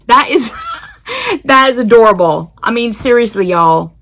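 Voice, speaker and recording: A woman's voice: a little high, big pitch swings, a little slow, a bit bright. A woman chatting casually while unboxing, giggling often and talking to her cat. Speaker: unboxing vlogger.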